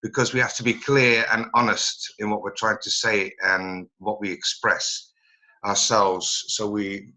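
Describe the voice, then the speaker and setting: A man giving a presentation over a video call, halting and searching for his words as he goes. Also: fairly low pitch, little pitch movement, pushed and bright, poor audio. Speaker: presenter at a learning network meeting. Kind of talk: online meeting presentation.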